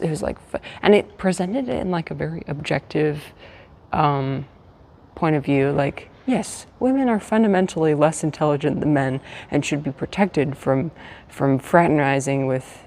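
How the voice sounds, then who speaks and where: An American woman livestreams from a hotel room, chatting casually and rambling with plenty of fillers and restarts. Her voice is low, creaky, and slightly mellow, and she's trying to keep it down.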